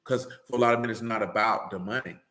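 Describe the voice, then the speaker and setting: A man's voice: lowish voice, fast, a bit bright, echoey room. A man preaching in a blunt, profane street-slang manner, often asking "you know what I'm saying.". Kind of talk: streamed sermon-style rant.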